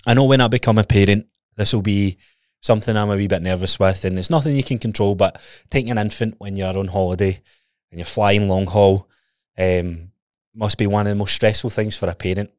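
Lower-pitched Scottish man telling stories. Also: fairly even intonation, a little fast, a little mellow, no room sound, clean studio sound. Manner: swearing storyteller, chuckling often. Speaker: podcast co-host. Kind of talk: casual chat.

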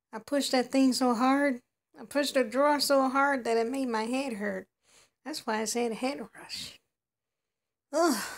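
Woman doing a chatty, playful party doll. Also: a little high. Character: showy young adult female doll going clubbing. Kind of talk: doll play narration.

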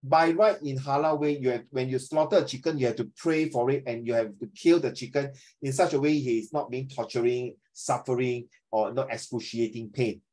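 Middle-aged man, teacher, animated chatty online class, mid-pitched. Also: a little fast, hardly any pauses, low-quality recording. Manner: animated, mixes Mandarin phrases, chatty.

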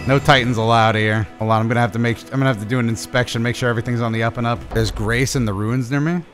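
A young man giving casual, profane let's play commentary, excitable and trash-talking as he plays. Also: mid-range voice, racing, over music. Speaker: gaming channel host.

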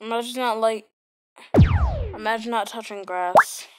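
A woman's voice: on the high side, fairly even intonation, unhurried. A woman giving casual, sarcastic gameplay commentary into a close mic, with sudden exclamations. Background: loud game music.

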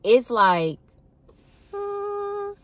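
A woman's voice: very high voice, very animated, extremely slow, dry recording. A young woman telling a dating story to her viewers in a casual, chatty way, often laughing and calling them y'all. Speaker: vlogger.

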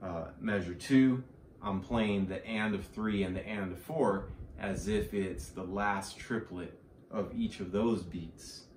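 Slow, low-voiced man teaching drums. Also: fairly even intonation, a little mellow. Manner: slow, counts and sings rhythms aloud. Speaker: drum teacher. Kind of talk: explaining drum exercises. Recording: roomy, from a distance, faint hiss.

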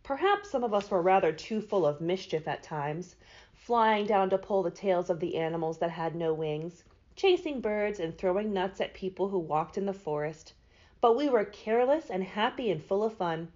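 A woman's voice: mid-range voice, lively intonation, normal speed, a little mellow, natural voice. Woman reading as a courteous monkey king, telling a tale, storybook, muffled lo-fi sound. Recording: dull lo-fi recording.

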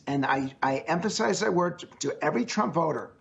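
A man's voice: a little high, animated, fairly quick, gravelly, dull audio. A man speaking as a guest in an interview, earnest and emphatic, with a strained voice, often repeating his phrases. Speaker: pollster guest. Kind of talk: remote interview answers.

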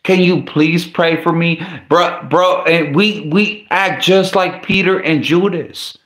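A man talks through a sermon in a loose, conversational way, full of restarts and slang asides. His voice sits fairly high. The sound carries a roomy echo. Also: steady tone, slow, a bit bright. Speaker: preacher. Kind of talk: casual sermon.

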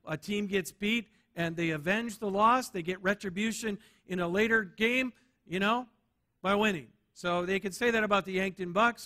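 Bright high-voiced male preacher. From United States. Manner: emphatic preaching, repeats key words for stress; rhetorical "right?" checks with the congregation. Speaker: pastor. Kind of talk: sermon.

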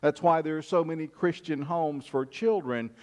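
Man preaching a sermon with halting pauses. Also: on the high side, darkish tone. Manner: storytelling with frequent "uh" pauses, slowing for emphasis. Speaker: pastor. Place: church sanctuary.

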